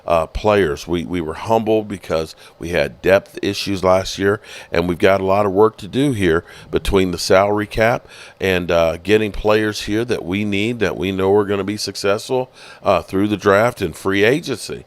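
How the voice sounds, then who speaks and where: A man doing an impression of a middle-aged football team executive, talking in a low, subdued voice with halting delivery and many uh fillers. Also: lightly acted. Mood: sheepish.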